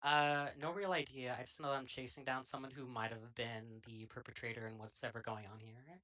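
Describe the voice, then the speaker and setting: Give me a bright, quick, offhand tabletop player. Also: mid-range voice, level tone. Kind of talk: in-character tabletop play.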